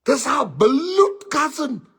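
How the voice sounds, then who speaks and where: A man voicing his lovestruck ex-convict friend, high and pleading, with a South African accent, mixing Afrikaans into English. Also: big pitch swings, slow, full character voice.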